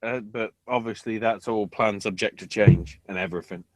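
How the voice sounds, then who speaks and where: A man co-hosting a podcast in casual chat, swearing often and bursting into excited outbursts. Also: on the low side, moderate pace, a little hiss or hum. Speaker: podcast co-host.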